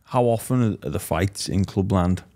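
Deep-voiced podcast host. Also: male voice, lively intonation, darkish tone. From Australia. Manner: short encouraging "mm" and "yeah" backchannels, halting questions. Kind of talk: casual interview.

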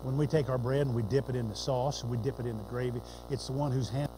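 A man preaching a folksy, animated sermon that swings between loud declaring and hushed storytelling. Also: medium pitch, fast, noisy background. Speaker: pastor.

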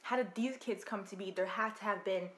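A young woman casually reacting to an anime, talking back to the screen in an expressive way. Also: mid-range voice, fairly quick, echoey room. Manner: expressive, talks back to the screen, shrieks and laughs.

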